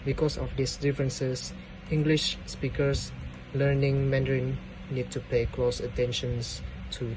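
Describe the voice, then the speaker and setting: Guy doing a class presentation, lots of uh's, traffic noise behind him, medium pitch. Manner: hesitant, with frequent "uh" fillers. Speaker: student presenter.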